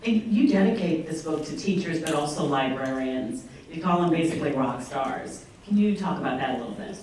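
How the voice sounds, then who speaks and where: A woman interviewing an author on stage, asking her questions gently and with a little hesitation. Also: sits low, expressive, a little fast, slight background noise. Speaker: event interviewer. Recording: echoey hall, distant mic.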